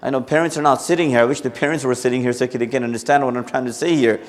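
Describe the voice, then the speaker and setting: A man's voice: medium pitch, fairly even intonation, racing. A man giving a conversational Friday talk in a mosque, explaining points with acted-out examples and frequent restarts. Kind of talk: sermon.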